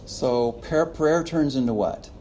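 A man's voice: mid-range voice, takes it slowly, dark tone, a little hiss or hum. A man teaching a preaching class in a classroom, chuckling often and acting out little quotes as he lectures. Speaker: preaching instructor.

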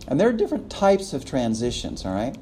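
A man lecturing a class, his pitch rising and falling in a lively way. His voice is mellow and warm. He chuckles often and acts out little quotes, with a faint room hum behind him. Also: fairly quick. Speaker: preaching instructor.

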